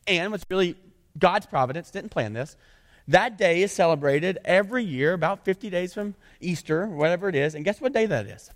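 A high-voiced man preaching a sermon in an animated, conversational way. He reads scripture aloud and keeps breaking off to explain it in plain talk. His voice carries a long reverb from a large hall. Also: fairly quick. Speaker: pastor.

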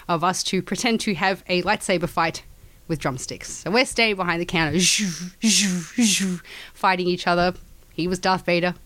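A woman in her thirties with an Australian accent, telling stories in casual chat, acting out the people she quotes and swearing freely. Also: lowish voice. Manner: animated, acts out quoted voices, swears freely. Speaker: storyteller.

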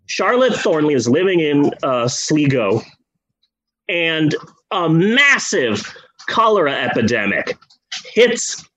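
A man's voice: on the high side, big pitch swings, takes it slowly, sharp tone, no room sound, poor audio. A man hosting a podcast, telling a history story in a rambling, sarcastic, casual way with the odd swear. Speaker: podcast host.

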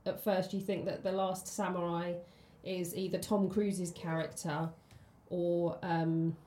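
A woman's voice: lowish voice, level tone, measured pace, mellow. A woman, co-hosting a casual film podcast and chatting with many ums and restarts. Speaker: podcast co-host. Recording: roomy echo.

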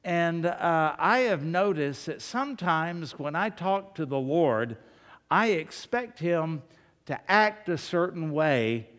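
Deliberate preacher in an echoing hall. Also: male voice, a little high, animated, a bit bright. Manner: slow, deliberate, conversational preaching. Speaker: pastor. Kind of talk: sermon with personal stories. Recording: long hall reverb.

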